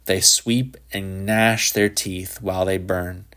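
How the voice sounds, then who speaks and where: A sly, defiant teenage boy who preaches hellfire in flat, knowing pronouncements, read by a man in a low, unhurried voice. He speaks slowly and with calm certainty. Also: clean tone.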